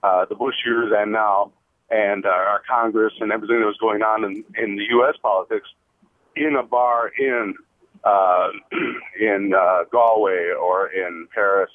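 A US man calls in to a radio show to make a comment, enthusiastic and rambling, his lowish voice steady and unhurried. The audio comes through a phone line, dry with no room sound.

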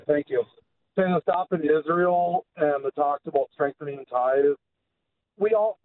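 A male caller on a radio call-in show, ranting indignantly about politics. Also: fairly high pitch. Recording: tinny phone line with faint hiss.

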